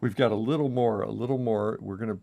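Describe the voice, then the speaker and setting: A man hosting a coffee brewing video at home, talking in a halting, self-interrupting, nervously chatty way while he brews for the camera. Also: on the low side, gravelly, dark tone. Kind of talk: casual on-camera brewing demo. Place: home kitchen. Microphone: camera mic with a crew.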